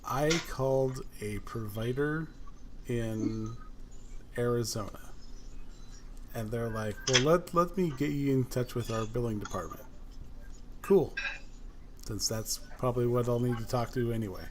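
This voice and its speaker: A man's voice: mid-range voice, unhurried, long pauses, heavy background noise. A man hosting a podcast, telling a story in casual chat and acting out both sides of a phone call. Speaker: podcast host.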